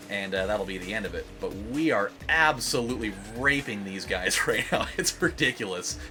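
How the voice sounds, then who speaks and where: A young man giving casual gameplay commentary as a let's play host, rambling with lots of fillers and swearing. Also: lowish voice.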